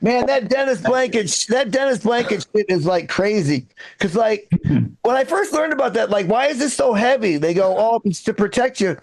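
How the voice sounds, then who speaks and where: A man's voice: high voice, animated, moderate pace, slight background noise. A man hosting a comedy show, riffing loosely between acts and introducing comics. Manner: loose, chatty crowd work. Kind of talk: emceeing comics. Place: comedy club stage.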